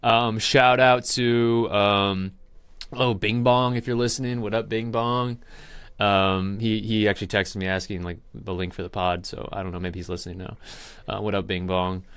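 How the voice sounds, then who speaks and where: A man's voice: on the low side, level tone, moderate pace, a bit bright, clean tone, no echo. A young man hosting a podcast, telling rambling stories in casual chat, laughing often and acting out other people's lines. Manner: rambling storyteller, laughs often, mimics voices. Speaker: podcast host.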